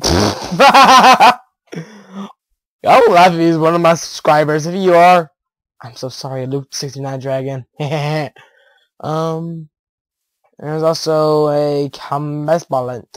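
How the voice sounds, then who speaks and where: Teen guy, pretty high voice, rambly and hyper while he plays, headset mic, dry sound. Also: slow pace, long pauses, no echo, poor audio. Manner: rambling, excitable, with giggles and loud outbursts. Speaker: gaming YouTuber. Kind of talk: casual gameplay commentary.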